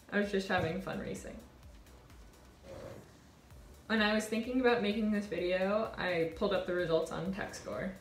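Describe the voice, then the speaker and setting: A woman in her twenties, a college sailor, telling a reflective personal story in an earnest, warm way. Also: medium pitch, fairly quick, roomy sound, slight background noise. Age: 20s. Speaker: college sailor and award winner.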